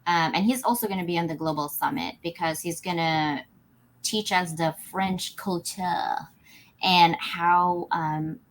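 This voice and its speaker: A woman co-hosting a live talk show, bubbly and animated, and she laughs often as she tells stories. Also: lowish voice, a little slow, a little hiss or hum. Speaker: co-host. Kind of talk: casual live show chat.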